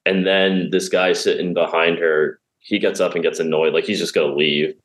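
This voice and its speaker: A man's voice: low voice, fairly even intonation, normal speed, fairly bright tone. A man telling comedy stories in a casual chat, often laughing as he talks. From Pennsylvania. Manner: laughs through his stories. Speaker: stand-up comedian guest.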